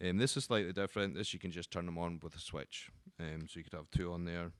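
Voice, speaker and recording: Low, smooth-voiced man explaining guitar parts. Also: fast talker. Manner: relaxed, with frequent ums and restarts. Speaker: guitar teacher. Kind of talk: casual instructional explanation.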